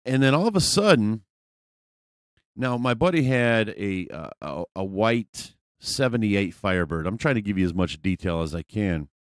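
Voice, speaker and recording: Low-voiced man telling a rambling profane story. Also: sing-song, normal speed, no room sound, studio quality. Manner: rambling, profane, frequent fillers. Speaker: vlogger. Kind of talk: casual storytelling.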